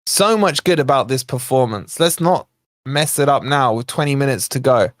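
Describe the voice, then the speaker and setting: A man hosting a live football watch-along for a fan channel, narrating the play in a chatty way, talking to his viewers and breaking into excited shouts at near misses. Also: medium pitch, moderate pace, no room sound, clean studio sound. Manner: excitable, bursts into shouts at chances then calms; chatty asides to viewers in the chat.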